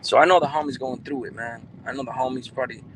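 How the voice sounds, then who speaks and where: A man's voice: mid-range voice, steady tone, quick pace, noisy background. A man hosting a casual livestream, reading out viewer comments and talking loosely with street slang and plenty of swearing.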